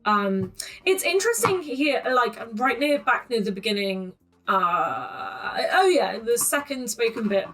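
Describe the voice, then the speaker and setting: Chatty woman with a bright voice. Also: fairly high pitch, sing-song, a little slow, faint music behind, low-quality recording. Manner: chatty and opinionated, with frequent ums. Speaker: poetry analysis channel host. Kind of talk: casual close-reading commentary. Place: at home in front of her camera.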